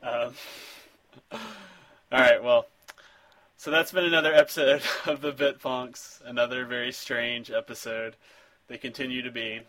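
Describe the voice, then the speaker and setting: A man of ordinary pitch hosting a casual retro gaming podcast. He rambles loosely, with plenty of ums and restarts as he signs off. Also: fairly even intonation, unhurried, pauses often, pushed and bright, rough recording. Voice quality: rambling with fillers and chuckles. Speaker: podcast host.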